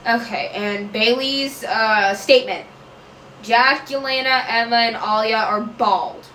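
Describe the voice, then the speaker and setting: A woman's voice: a little high, slow, sharp tone, roomy sound, a little hiss or hum, low-quality recording. A woman answering viewer questions in a casual chat, rambling, often losing track, correcting herself and laughing.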